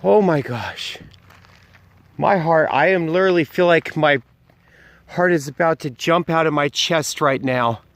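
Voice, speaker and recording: Man exclaiming in a slow, higher voice. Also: a bit bright, dry recording. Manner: exclaims often, repeats short phrases. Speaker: vlog host. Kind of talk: handheld ghost-hunting vlog. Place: outdoors in a cemetery at night.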